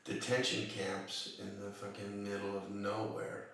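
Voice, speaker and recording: A man in relaxed comedic chat who talks very slowly and stops often for fillers. His voice is bright and a little high. It sounds distant and very echoey, with faint noise behind it. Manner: slow, halting, laughs at own jokes. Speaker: comedian co-host. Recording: echoey room, distant mic.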